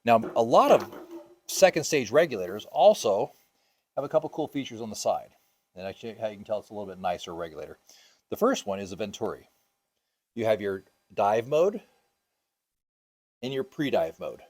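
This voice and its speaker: A man's voice: on the low side, lively intonation, normal speed, long pauses, a little mellow, slightly rough. A man teaching a scuba diving class, casual and upbeat, with many ums and uhs, asking the class questions.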